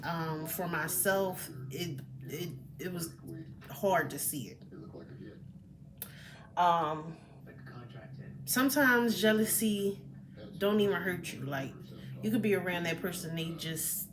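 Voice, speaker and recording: A woman talking casually to camera as a personal development coach, chatty and expressive, with many fillers. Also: fairly low pitch, slow pace, pauses often, noisy background. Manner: chatty and expressive, with fillers, acts out quoted remarks.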